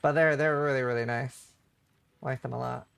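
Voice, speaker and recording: A man's voice: mid-range voice, fairly even intonation, normal speed, gravelly, a bit bright, clean tone. Rambling man on a casual stream. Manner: rambling storytelling, heavy on fillers. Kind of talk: casual livestream chat.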